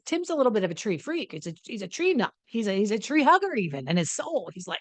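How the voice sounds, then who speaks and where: A woman's voice: medium pitch, quick pace, hardly any pauses, no room sound. Chatty woman telling a story. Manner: animated, chatty, repeats herself. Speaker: host. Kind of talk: casual storytelling talk.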